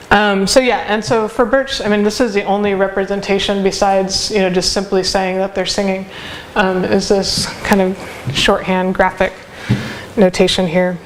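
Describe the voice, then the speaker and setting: Hesitant woman giving a seminar lecture. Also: medium pitch. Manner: thoughtful, hesitant, many filler pauses. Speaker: academic speaker. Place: seminar room.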